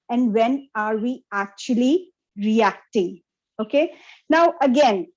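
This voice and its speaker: A woman's voice: on the high side, a little mellow, muffled recording. A woman presenting an interactive online lecture over a video call, often checking in with her audience. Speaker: workshop presenter.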